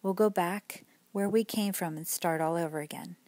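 A woman's voice: on the low side, moderate pace, a little mellow, dry recording, lightly acted. A woman voicing a blunt, sarcastic male police detective in a bedtime story, curt and dry in manner. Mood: brisk.

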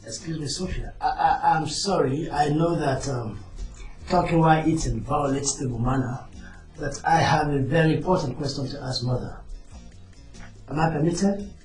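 A man's voice: on the high side, normal speed, darkish tone, faint music behind, close to an everyday voice. A man playing a flippant cocky young son. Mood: mock-polite. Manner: flippant, mocking. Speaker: actor. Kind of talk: Nigerian film drama.

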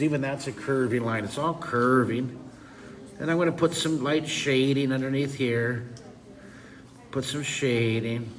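A man's voice: mid-range voice, fairly bright tone, slight background noise. A man teaching a live drawing lesson for kids, enthusiastic and playful, asking his audience to call words back.

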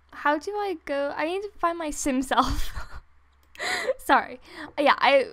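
Excited gameplay commentary comes from a gaming YouTuber, a young woman whose high voice sounds a bit bright. She's giddy and out of breath, laughing, gasping and drifting off mid-thought, all captured through a desktop USB microphone.

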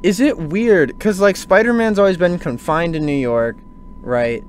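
A man hosting a casual podcast chat, animated and ranting, swearing freely. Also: sits high, normal speed, a little hiss or hum. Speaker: podcast host.

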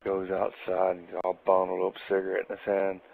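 A man's voice: deep voice, completely flat delivery, a little fast, vocal fry. A man telling a casual anecdote in a profane way, laughing as he goes. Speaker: storyteller. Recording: tinny phone-like audio.

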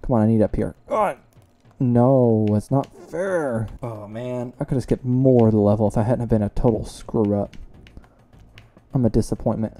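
A young man casually commenting while he plays a video game, chatty and self-mocking, with sudden loud reactions to close calls. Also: medium pitch, moderate pace. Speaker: let's play gamer.

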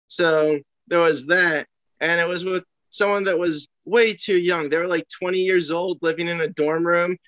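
A man's voice: on the high side, steady tone, moderate pace, sharp tone, dry recording, poor audio. A young man, a comedian, chatting casually on a podcast and telling stories with laughs, acting out his own reactions. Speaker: comedian guest.

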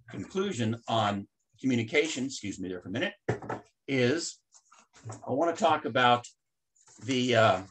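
A middle-aged man leads a customer service training session in a bright, forward voice. He tells folksy stories and stops often to restart his sentences. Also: mid-range voice. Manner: folksy, storytelling, many fillers and restarts. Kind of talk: seminar talk with anecdotes. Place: presentation to a chamber of commerce audience.

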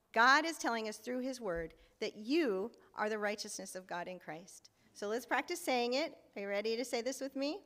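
A woman's voice: medium pitch, sharp tone. A woman preacher giving a sermon in a church, speaking earnestly and leading the congregation in repeating phrases. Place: church sanctuary. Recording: echoey church hall with faint music.

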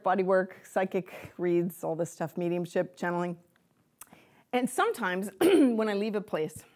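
A woman giving a lecture to a live audience as a psychic medium, chatty and animated, laughing often and speaking straight to her listeners. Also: medium pitch.

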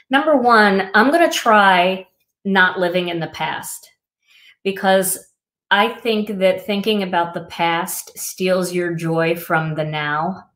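A woman's voice: lowish voice, a bit bright. A middle-aged woman hosting a crafting livestream, talking casually and reflectively with many fillers. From Wisconsin.

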